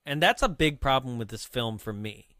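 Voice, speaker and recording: A man's voice: mid-range voice, lively intonation, moderate pace, pushed and bright, no echo, studio quality. A man co-hosting a podcast, casually rambling through a film recap with lots of 'like' and 'right?'. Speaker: podcast co-host.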